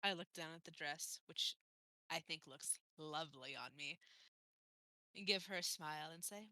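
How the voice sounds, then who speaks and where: A woman playing a tabletop game, speaking quietly and softly. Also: sits low, normal speed, no echo. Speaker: player. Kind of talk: tabletop role-play.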